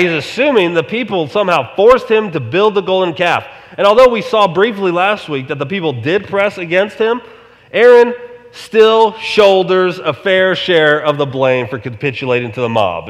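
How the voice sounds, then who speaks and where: Animated male preacher in a reverberant hall. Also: high-pitched. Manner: conversational, asks the congregation rhetorical questions. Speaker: pastor. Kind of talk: sermon.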